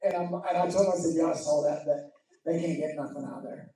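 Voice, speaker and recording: A man's voice: on the high side, fast, mellow. A man preaching as pastor, telling chuckling, folksy stories with asides to the congregation. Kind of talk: sermon. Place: church sanctuary. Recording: very echoey hall from a distance.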